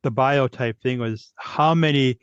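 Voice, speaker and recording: A man's voice: mid-range voice, measured pace, clear, resonant tone, no echo. A man co-hosting a podcast, speaking in an easygoing, conversational way. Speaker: podcast co-host. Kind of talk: casual interview chat. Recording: dull dry lo-fi sound.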